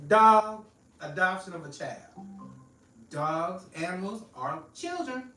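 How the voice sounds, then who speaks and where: A woman's voice: on the low side, big pitch swings, takes it slowly, a bit bright, soft background music. Blunt, joking woman in an echoey room. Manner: blunt, joking, laughs often. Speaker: podcast guest. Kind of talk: casual chat. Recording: echoey room, mic at a distance.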